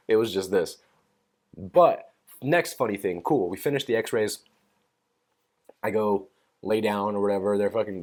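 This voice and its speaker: A young man tells a story on his solo podcast in a fairly low voice. He rambles, swears freely and fills every pause with fillers. He keeps laughing at his own anecdotes. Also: a little mellow. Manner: amused, laughs at own stories. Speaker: podcast host. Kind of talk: casual solo rant.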